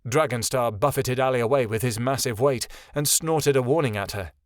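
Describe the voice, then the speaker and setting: A man narrates a fantasy novel in a steady, measured storytelling voice. His pitch is middle of the range. The recording is dry and close to the mic. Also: no room sound. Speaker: audiobook narrator. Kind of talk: scripted narration.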